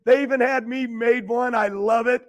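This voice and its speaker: A man's voice: very high-pitched, fairly even intonation, moderate pace. An older man telling a long, emotional story as a guest, rambling and repeating words as he gets worked up. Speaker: guest, retired champion racer.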